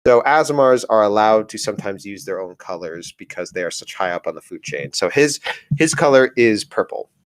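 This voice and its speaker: Low-voiced, rambling game master. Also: male voice, expressive, a little fast. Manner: playful, rambling, many fillers. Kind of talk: narrating a tabletop game.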